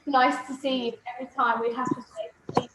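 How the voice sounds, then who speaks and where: A woman's voice: high-pitched, little pitch movement, normal speed, noisy background. Young woman, fond storytelling. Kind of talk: casual reminiscing. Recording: echoey room.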